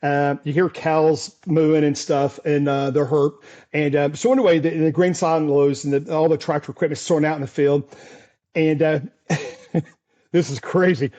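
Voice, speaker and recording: High-voiced man telling a wild story. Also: measured pace. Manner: animated, chuckles often, repeats and restarts while recounting. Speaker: storm chaser interview guest. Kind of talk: casual storytelling in an interview.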